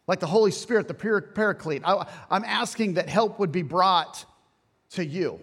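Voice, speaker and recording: A man with a slightly high voice preaches a lively, folksy sermon, moving between earnest points and joking asides. His voice carries a long reverb from a church sanctuary. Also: normal speed. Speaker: pastor.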